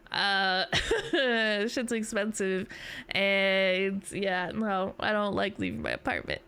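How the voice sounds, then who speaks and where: A woman's voice: mid-range voice, sharp tone, clean tone. A young adult woman chatting casually with her stream viewers, rambling and self-deprecating, laughing often. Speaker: VTuber streamer.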